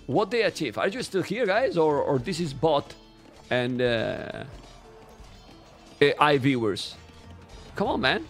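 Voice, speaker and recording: Animated Spanish-accented man casting a game. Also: a little high. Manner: animated, chatty, teasing the chat. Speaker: game caster. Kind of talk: live esports commentary.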